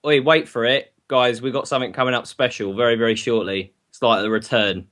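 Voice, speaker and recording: A man's voice: medium pitch, fairly even intonation, fairly quick, a bit bright. A man hosting a casual podcast, bantering and laughing with friends. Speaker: podcast host. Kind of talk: casual group chat.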